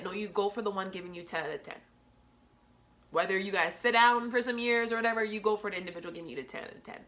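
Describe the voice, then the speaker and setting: Bright-voiced woman hosting a candid podcast. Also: medium pitch. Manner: emotional, earnest, preachy, laughs often. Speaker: podcast host. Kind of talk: candid solo podcast talk.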